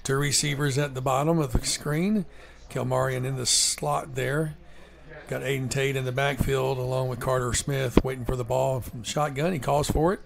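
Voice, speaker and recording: A man calling a high school football game play by play in a folksy, emotional way, breaking into excitement on big plays. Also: normal speed, gravelly. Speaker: play-by-play commentator. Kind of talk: live local sports commentary. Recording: crowd noise behind.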